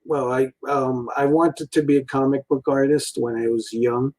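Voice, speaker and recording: A man's voice: medium pitch, steady tone, moderate pace, a little mellow, rough recording. A man in his forties giving a casual, meandering rant from a room at home, full of fillers and frequent chuckles. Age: 40s. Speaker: toy and cartoon reviewer.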